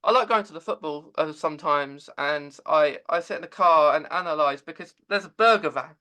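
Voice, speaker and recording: Halting man, high bright voice. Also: clean tone. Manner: halting, with many stammered repeats. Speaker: podcast host. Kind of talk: casual conversation.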